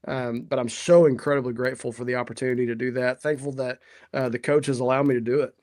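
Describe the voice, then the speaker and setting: A man's voice: medium pitch, flat delivery, fast talker, darkish tone. A man speaking as a podcast guest in a sincere, hesitant way, with many fillers. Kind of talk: casual interview talk.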